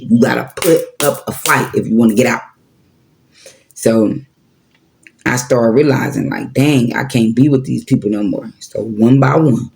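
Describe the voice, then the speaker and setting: A man's voice: mid-range voice, creaky, darkish tone. A man in his forties giving a casual, preachy spiritual talk with slang and profanity, repeating his points. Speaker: spiritual vlogger.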